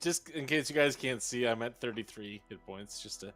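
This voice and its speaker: A man's voice: mid-range voice, normal speed, music in the background. A man playing a tabletop game, joking melodramatically as his character. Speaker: player.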